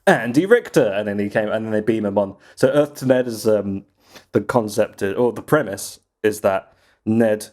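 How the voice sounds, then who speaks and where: A man's voice: on the low side, moderate pace, darkish tone. A man co-hosting a casual podcast chat, rambling through stories and laughing often. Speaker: podcast co-host.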